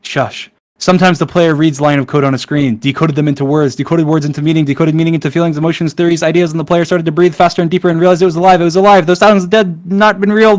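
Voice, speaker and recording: An online content creator with a slightly high, darkish voice reads a long poem aloud in a hurry, tripping over words and breaking off for asides.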